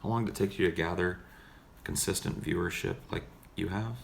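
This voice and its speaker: Low, gravelly-voiced guy chatting. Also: fairly quick, slight background noise. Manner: rambling, laid-back, laughs easily. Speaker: livestream host. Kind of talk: casual chat.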